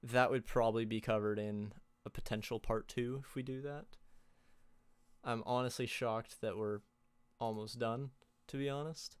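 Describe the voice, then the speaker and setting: Young male presenter, casual lesson delivery, smooth voice, dry close mic, lots of ums. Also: mid-range voice, normal speed, dry recording. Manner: relaxed, many fillers and restarts. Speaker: music theory presenter.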